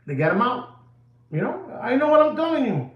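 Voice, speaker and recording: A man's voice: very high-pitched, sing-song, normal speed, lo-fi sound. A man hosting a watch channel, rambling and lecturing, repeating himself for emphasis. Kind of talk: rambling video monologue. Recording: echoey room.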